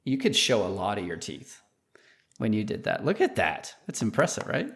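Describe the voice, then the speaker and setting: A man co-hosting a podcast, joking and animated in casual talk about a card game. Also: lowish voice, normal speed, creaky. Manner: animated, joking, laughs easily. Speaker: podcast co-host.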